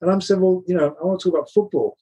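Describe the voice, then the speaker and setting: A man's voice: sits high, racing, dark tone, slightly rough. An older man, a former rugby coach, telling anecdotes in a casual interview, laughing often and restarting his sentences.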